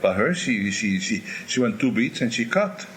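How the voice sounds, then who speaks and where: An older man, an opera singer, candidly telling animated stories in an interview and imitating crowd noises. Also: lowish voice, normal speed, slight background noise.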